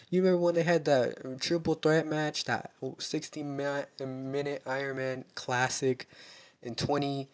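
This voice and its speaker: A young man from the United States hosts a casual wrestling recap, joking, rambling and getting mock-dramatic as he chats. His medium-pitched voice has a darkish, clear and resonant tone.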